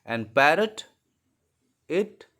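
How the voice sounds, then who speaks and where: A man's voice: fairly high pitch, sing-song, drawn-out words, bright, forceful tone. A man teaching animal sounds to young children, patient and repeating key words. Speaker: English teacher. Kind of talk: slow lesson for young children.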